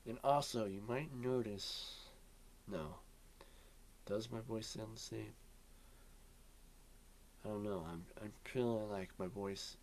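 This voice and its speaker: A young man records a loose, rambling vlog alone in his bedroom. His voice sits slightly low, and he drifts from thought to thought, filling gaps with ums and the odd yawn. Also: takes it slowly, long pauses, darkish tone, slight background noise. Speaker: vlogger. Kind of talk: rambling casual vlog chat. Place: bedroom at home.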